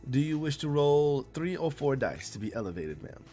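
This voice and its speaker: A man's voice: a little high, big pitch swings, moderate pace, warm tone, soft background music. A man voicing a formal casino dealer, curt and businesslike.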